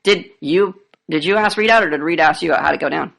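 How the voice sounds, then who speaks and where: Fast-talking low-voiced sarcastic woman interviewer. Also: vocal fry. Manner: pushy, sarcastic, deadpan provocative questioning. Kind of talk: mock interview comedy.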